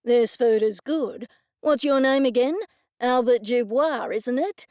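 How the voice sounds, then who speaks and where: Woman doing a loud blunt big man. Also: a little high, a little slow, no echo, clean studio sound, natural voice. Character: large powerful blunt man.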